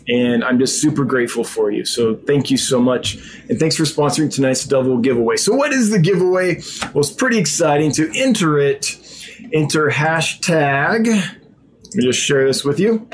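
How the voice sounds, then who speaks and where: An aquarium fish seller chats casually on his own channel's stream in a mid-range voice, ad-libbing with lots of ums and restarts and getting excited as he describes the fish. The audio is poor, with a little hiss or hum.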